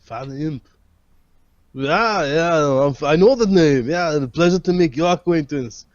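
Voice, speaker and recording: A man's voice: fairly high pitch, a little slow, no echo, dull audio, close to an everyday voice. A man voicing a big, boisterous and foul-mouthed gladiator master in a tabletop role-play. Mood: gruff. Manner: blunt and profane, boisterous. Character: large, brash, crude male gladiator master.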